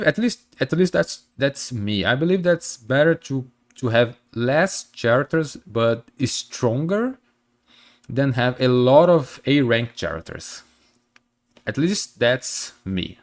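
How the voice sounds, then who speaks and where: A man with a medium-pitched voice chats casually with his stream viewers in English, which is not his first language. His nose is stuffy and blocked, and his talk is packed with fillers and restarts.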